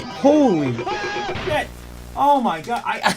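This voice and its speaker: A man hosting a casual livestream, reading viewer comments aloud, excitable and laughing often. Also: high voice, moderate pace, soft background music. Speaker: livestream host.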